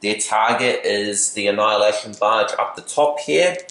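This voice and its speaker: A man's voice: lowish voice, moderate pace, a bit bright, echoey room, slight background noise. A man casually commentating a tabletop wargame battle, chatty with playful asides. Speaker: battle report host.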